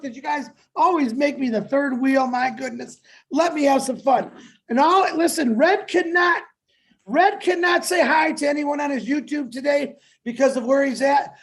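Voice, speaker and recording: A strikingly high-pitched man from the United States hypes up a livestream audience. He shouts with pumped-up energy as he greets viewers on a video call. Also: moderate pace. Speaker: co-host. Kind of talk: hyped-up livestream shout-outs.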